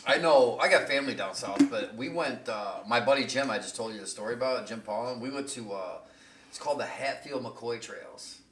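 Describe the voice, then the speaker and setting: A man's voice: medium pitch, a little fast, a bit bright, roomy sound, far from the mic. A man casually telling rambling, profane road-trip stories on a podcast, often laughing. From Michigan. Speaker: podcast host. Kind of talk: casual storytelling chat.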